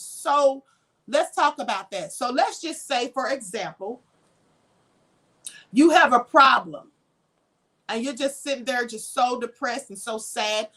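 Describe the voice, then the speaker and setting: A woman's voice: fairly high pitch, animated, unhurried, sharp tone. A woman raised in Kentucky, hosting a spiritual livestream and lecturing conversationally, asking rhetorical questions and reading out viewer comments. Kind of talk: live-stream teaching, reading chat comments.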